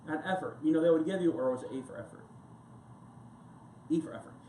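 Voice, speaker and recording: Pastor preaching in an echoey church. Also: male voice, fairly high pitch, quick pace, warm tone, a little hiss or hum. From United States. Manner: conversational, rambling preaching with anecdotes and asides. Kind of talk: sermon. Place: church sanctuary. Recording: echoey church room with faint ambience.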